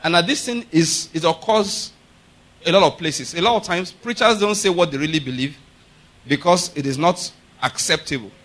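With a voice a little on the high side and a normal speaking speed, a male pastor preaches emphatically. He asks the congregation again and again if they follow him, building toward loud, forceful declarations.

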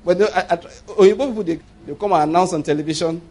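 A pastor with a Nigerian accent preaches a sermon, telling humorous stories, laughing often and making emphatic declarations. He has a high voice, speaks at a quick pace, and sounds a little mellow.

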